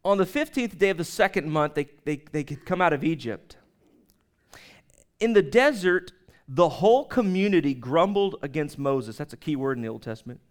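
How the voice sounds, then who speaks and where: A male pastor delivers a sermon with a fairly high, smooth and resonant voice. He tells stories in an animated, conversational way and talks straight to his listeners. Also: moderate pace. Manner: conversational, animated storytelling with laughs and asides.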